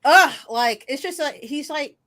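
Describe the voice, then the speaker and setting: A woman's voice: high-pitched, measured pace, sharp tone. A woman hosting a casual chat, telling stories expressively, quoting people and swearing freely. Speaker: host.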